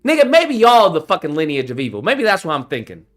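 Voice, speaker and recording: A man's voice: fairly high pitch, huge pitch swings, fast, a bit bright, faint music behind. A man hosting his own channel, delivering a heated, profane, confrontational rant straight to his audience. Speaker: channel host. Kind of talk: ranting commentary to camera.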